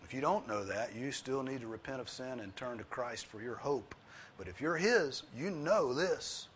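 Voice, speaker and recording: A male pastor delivering a sermon in an earnest, pleading way. His voice sits at an ordinary middle pitch, sinking quiet and low before climbing to loud, high emphasis. A faint hiss runs under the recording. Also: expressive, moderate pace. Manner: drops low and soft, then rises to loud, high emphasis.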